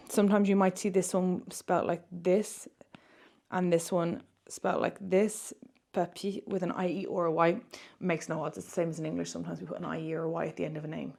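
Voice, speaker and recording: A young woman with a slightly low-pitched voice runs a French exam-prep lesson. She explains grammar and vocabulary in English. She reads French questions aloud slowly and clearly for her students to copy. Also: dark tone. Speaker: French teacher.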